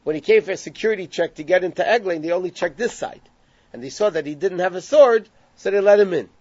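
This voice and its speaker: Speaking quickly with a darkish tone, a high-voiced Torah teacher retells a Gemara story and translates each Hebrew phrase in turn. The audio is dry and slightly dull, with no room sound.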